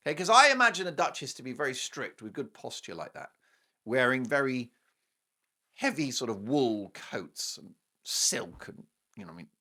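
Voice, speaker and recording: A male talk show host ranting in a scornful, sarcastic monologue. His pitch swings widely as he piles up punchy lists for effect. The delivery is theatrical and mocking. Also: bright, forceful tone. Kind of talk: opinionated monologue.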